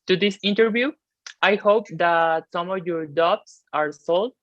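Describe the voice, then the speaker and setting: A woman's voice: lowish voice, no room sound. A woman interviewing classmates, reading her questions carefully with small restarts. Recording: dull lo-fi recording.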